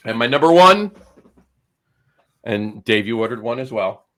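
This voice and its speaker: A man's voice: mid-range voice, lively intonation, unhurried, a bit bright. A middle-aged man co-hosting a podcast in casual, jokey, rambling chat. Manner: jokey, rambling, lots of fillers. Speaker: podcast co-host.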